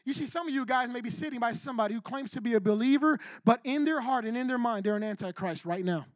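A man's voice: very high voice, fast, dry recording, clean studio sound. A male pastor preaching a sermon in casual street slang, emphatic and insistent.

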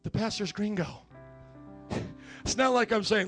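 A high-pitched male pastor delivers an energetic sermon, slipping into the voices of the people he quotes and rising to loud, emphatic peaks. He preaches in a church sanctuary, with a faint band playing softly behind him. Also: unhurried, soft background music.

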